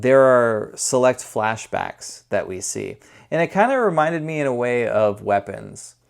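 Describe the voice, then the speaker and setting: A man's voice: mid-range voice, vocal fry. A man giving a casual spoken movie review, conversational and rambling, often correcting himself as he goes. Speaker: film reviewer.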